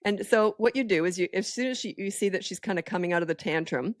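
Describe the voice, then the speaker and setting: A woman's voice: medium pitch, fast talker, dry recording, clean studio sound. A woman talking as a parenting expert in a casual podcast chat, firm, direct and matter-of-fact.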